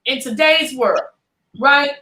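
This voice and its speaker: High bright woman, echoey and distant. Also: takes it slowly. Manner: frank, emphatic, joking. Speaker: co-host. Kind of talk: casual chat. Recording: echoey room, distant from mic.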